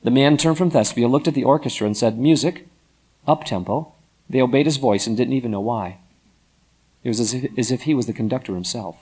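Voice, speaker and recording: A man narrating a story in an expressive, dramatic storytelling manner. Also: medium pitch, quick pace, husky.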